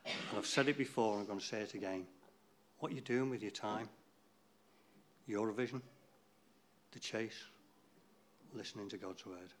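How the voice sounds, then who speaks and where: A man's voice: on the low side, moderate pace, long pauses, a little hiss or hum. A man giving an informal, rambling talk to a church group, chatty and losing his place now and then.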